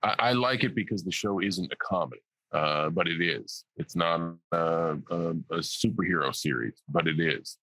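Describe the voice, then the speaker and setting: A man's voice: low-pitched, normal speed, sharp tone, dry recording, poor audio. A man in his forties, a guest on a podcast, answering questions in a dry, sarcastic, joking way. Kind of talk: casual interview answers.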